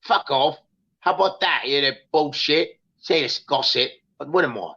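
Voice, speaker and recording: A man's voice: a little high, moderate pace, vocal fry, pushed and bright, slightly rough, full character voice. A man voicing a brash, threatening London street geezer with a Cockney accent, boasting and swearing in a muffled lo-fi livestream call. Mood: menacing swagger. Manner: swaggering, threatening, profane.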